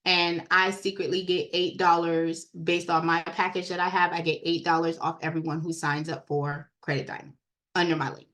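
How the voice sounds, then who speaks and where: A woman giving a casual, chatty walkthrough of credit repair software on a screen share, talking straight to her viewers. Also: on the low side, flat delivery, moderate pace. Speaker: software trainer.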